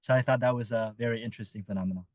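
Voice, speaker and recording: A man, a research fellow, answering audience questions in an online webinar in a thoughtful, measured way with many filler sounds. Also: medium pitch, steady tone, a little mellow, no echo.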